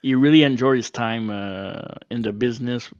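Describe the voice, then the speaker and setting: A man, co-hosting a podcast with short reactions and halting remarks, heard on a dull lo-fi recording. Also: mid-range voice, a little mellow, no echo. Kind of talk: casual interview chat. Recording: dull lo-fi sound.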